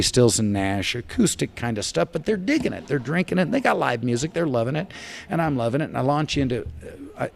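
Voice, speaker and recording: A man from the United States tells a story as a podcast guest, his mid-pitched voice jumping from quiet asides to loud punchlines. He leans hard into the telling, swinging between booming and hushed.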